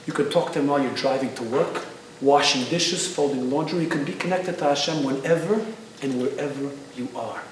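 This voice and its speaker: A man's voice: mid-range voice, background noise. Earnest male storyteller in echoing hall. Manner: earnest storyteller, mixes in Hebrew phrases. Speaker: speaker giving a religious class. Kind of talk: inspirational storytelling lecture. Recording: echoey hall, distant mic.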